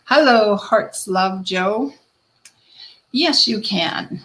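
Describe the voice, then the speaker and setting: Woman, psychic host of a live stream; gentle, reassuring reader with a mid-pitched voice. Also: drawn-out words, rough recording. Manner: gentle, reassuring, addresses viewers by name. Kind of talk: live-stream card reading.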